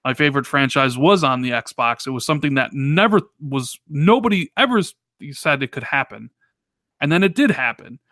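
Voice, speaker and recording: A man co-hosting a casual gaming podcast, talking in an animated, rambling way full of restarts and fillers. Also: medium pitch, normal speed, dry recording, studio quality. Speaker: podcast co-host.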